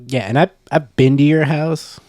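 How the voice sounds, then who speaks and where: Young man co-hosting, mellow tone, dry close mic, jokey and laughing. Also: a little high, steady tone, normal speed, no echo. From California. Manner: joking, laughs often. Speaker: podcast co-host. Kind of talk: casual chat.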